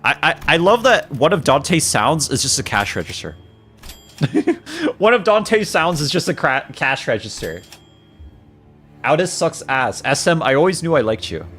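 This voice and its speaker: A male streamer giving excitable, jokey commentary while he plays a game, often breaking into loud outbursts. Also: a little high, unhurried, faint music behind. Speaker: gaming streamer. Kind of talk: casual gaming commentary.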